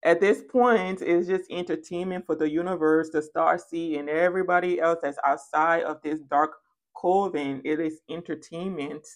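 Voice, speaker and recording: A woman giving a tarot reading, animated and playful and speaking straight to the viewer, sometimes dropping into soft asides. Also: sits low, normal speed. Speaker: tarot reader. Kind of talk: spoken tarot reading to camera.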